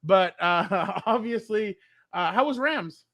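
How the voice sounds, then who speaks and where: Podcast co-host, man, high-pitched, animated storyteller, dry close mic. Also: slow, no echo. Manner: animated storyteller, acts out quotes. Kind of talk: casual chat.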